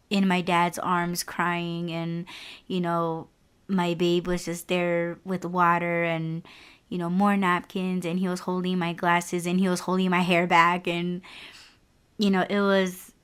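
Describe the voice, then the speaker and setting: A young woman hosts her own podcast and talks through a personal story in casual, unfiltered chat. Her voice sits a little low for a woman and comes across smooth and clear. She is frank and candid, leaning on "like" and "you know" as she goes. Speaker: podcast host.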